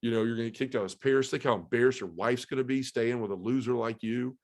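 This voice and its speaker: A man's voice: mid-range voice, steady tone, fast talker, lightly acted. Taunting devil, as a man tells it in his own voice. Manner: accusing, mocking.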